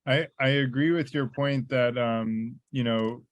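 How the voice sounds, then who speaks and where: A man interviewing a guest, asking measured questions. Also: mid-range voice, steady tone, no echo.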